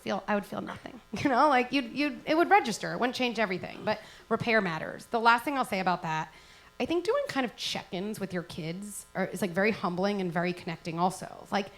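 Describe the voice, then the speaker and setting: A woman's voice: mid-range voice, animated, quick pace, fairly bright tone, rough recording. A middle-aged woman, a parenting expert, speaking earnestly at a live event and acting out little parent-child exchanges. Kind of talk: live event talk before an audience.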